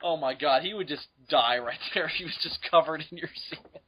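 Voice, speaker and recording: A man's voice: fairly high pitch, fairly quick, muffled recording, slight background noise. A young man co-hosting a crude comedy podcast, laughing often and slipping into silly voices. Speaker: podcast co-host.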